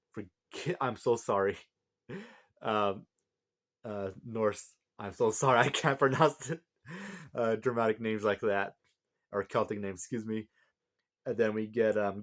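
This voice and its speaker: A tired man recapping a manga chapter in a casual, rambling way with many fillers and restarts. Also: fairly low pitch. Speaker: manga reviewer.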